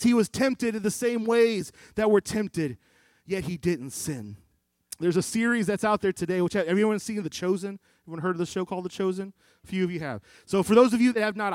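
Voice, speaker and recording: A man delivers a sermon in a high voice, recorded close and dry with no room sound. He quotes old scripture wording and swings between loud pleading and quiet, low moments. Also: dry recording. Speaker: preacher.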